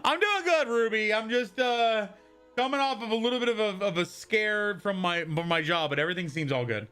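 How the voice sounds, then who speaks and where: A man's voice: sits high, expressive, fairly quick, bright, forceful tone, clear, resonant tone, faint music behind. A young man chatting casually on a live stream, rambling and answering viewers from chat as he goes.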